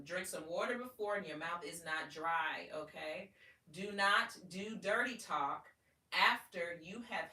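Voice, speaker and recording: A woman's voice: low-pitched, sharp tone. A woman hosting a live-stream talk show, giving emphatic advice and often checking in with her audience. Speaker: host and sex educator. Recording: echoey room, mic at a distance.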